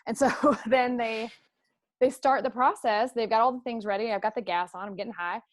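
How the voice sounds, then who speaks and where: A woman's voice: on the high side, fairly even intonation, normal speed, no room sound, studio quality. Woman host telling a personal story. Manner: open, emotional storytelling. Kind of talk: conversational interview.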